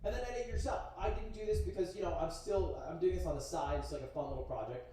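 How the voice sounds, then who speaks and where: A young man in his twenties narrating his own vlog in a brisk, chatty, self-assured way. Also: high-pitched, mellow, slight background noise. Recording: echoey, distant playback on a stream.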